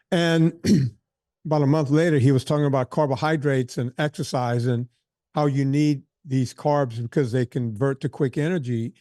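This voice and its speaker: A man in his sixties, a fitness trainer telling stories in a casual interview, animated and full of quoted asides and restarts. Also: mid-range voice, no echo, studio quality. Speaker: fitness trainer and podcast guest.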